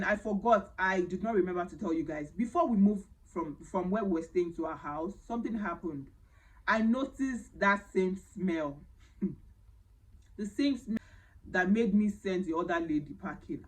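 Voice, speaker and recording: Animated Nigerian woman telling a story. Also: on the low side, moderate pace, rough recording. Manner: animated, dramatic storytelling with Pidgin phrases. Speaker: vlogger telling a personal story. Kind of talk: casual storytime.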